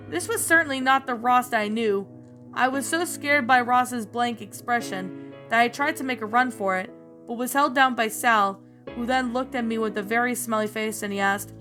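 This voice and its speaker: A woman's voice: on the high side, normal speed, sharp tone, faint music behind. A woman narrator reading a fan story aloud, often stumbling and restarting words.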